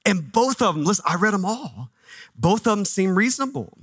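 A man preaching a sermon as pastor, conversational and animated, dropping low and soft for reverent moments. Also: brisk, no room sound. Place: church.

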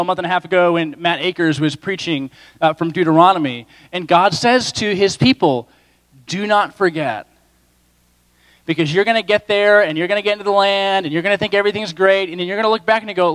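A pastor delivering a sermon in a lively, conversational way with playful voiced asides. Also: male voice, a little high. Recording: reverberant hall.

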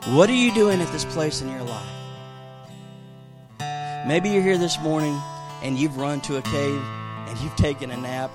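A male pastor with a slightly higher voice preaches to his congregation, swinging from rousing, emphatic lines to quiet, hushed telling. Soft guitar music plays underneath him throughout. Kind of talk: sermon.

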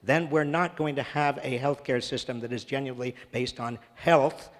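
A man's voice: mid-range voice, steady tone, moderate pace. A man speaking at a public talk and answering audience questions, earnest and emphatic, repeating phrases for stress. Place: large church hall. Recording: reverberant church hall.

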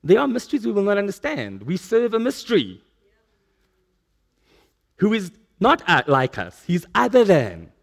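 A man's voice: high voice, huge pitch swings, moderate pace, vocal fry, long pauses. A male preacher giving a sermon at a church service, telling stories with self-mocking humor.

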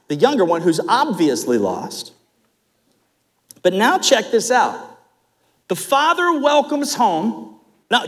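Middle-aged male pastor, high lively voice, sermon in a church hall with long reverb. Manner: animated storytelling preacher, rising to loud emphatic peaks. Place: church sanctuary.

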